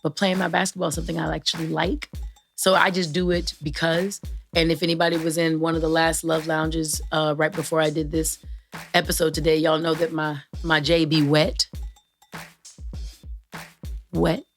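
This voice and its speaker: A young woman with a slightly low voice hosts her own show, talking to her listeners in a loose, playful, rambling way. She keeps it casual, full of shout-outs and little asides, with faint music underneath. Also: flat delivery, a little fast. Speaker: podcast host. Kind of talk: casual solo chat to listeners.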